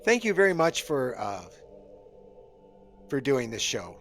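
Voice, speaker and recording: A man hosting an interview show, speaking haltingly with frequent fillers. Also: medium pitch, sing-song, a bit bright, soft background music. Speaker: host.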